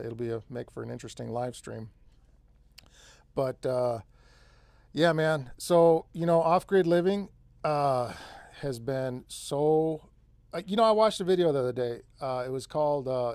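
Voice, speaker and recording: A mid-range male voice, darkish in tone and at a moderate pace, with no echo. The speaker is an easygoing off-grid channel host from central California, rambling through a casual live stream and saying "man" and "dude" often.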